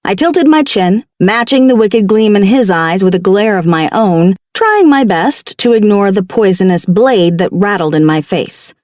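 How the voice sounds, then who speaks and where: A woman narrating a paranormal romance audiobook in the first person, with a wry, expressive delivery. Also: medium pitch, normal speed, few pauses, dry recording, clean studio sound.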